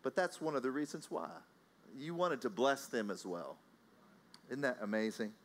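A Texan preacher with a Texas accent delivers a sermon, telling a story in a lively, conversational style, chuckling often and calling out to the congregation. His voice is medium-pitched at a moderate pace, with slight background noise.

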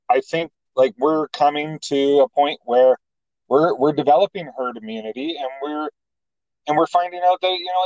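A man, co-hosting a casual political talk show, speaking haltingly with many restarts. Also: medium pitch, darkish tone, no echo, lo-fi sound. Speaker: co-host.

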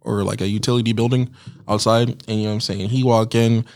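A man's voice: fairly low pitch, steady tone, fast, darkish tone. Male co-host, casual slangy storyteller, laughs easily. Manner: laid-back slangy storytelling, acts out lines, laughs often. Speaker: podcast co-host. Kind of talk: casual comedic chat, retelling a plot.

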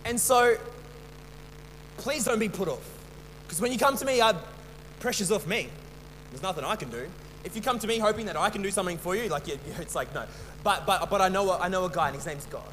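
A young man preaching a sermon as a pastor, halting and full of restarts and repeated words. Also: high voice, expressive, fairly bright tone. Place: church hall. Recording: long church reverb, faint hum.

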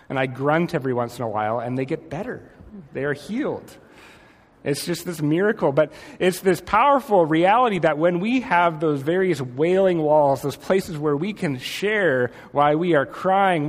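Man, pastor, gentle reflective sermon, slightly high voice, long hall reverb. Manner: gentle, reflective, slows and softens on key phrases.

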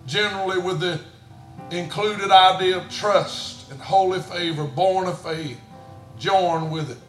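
A middle-aged man preaching a sermon as pastor, swinging from hushed storytelling to shouted preaching. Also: high voice, measured pace, roomy sound, soft background music. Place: church sanctuary.

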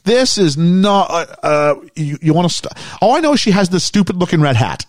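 Man, podcast host, lively pitch, dry close sound, jokey recap. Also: brisk, no room sound. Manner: animated, jokey storytelling. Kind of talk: casual chat.

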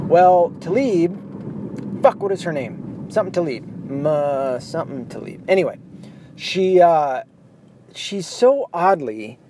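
A man's voice: a little high, background noise. A man from Michigan giving rambling, profane, heated political commentary. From Michigan, USA. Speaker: commentary host.

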